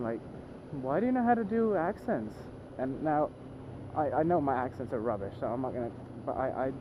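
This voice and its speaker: Talking casually to the camera while he drives, a young vlogger with a mid-range voice rambles, puts himself down, and restarts his sentences often. Car and road noise fill the background of this driving vlog, recorded inside the moving car with phone-quality sound.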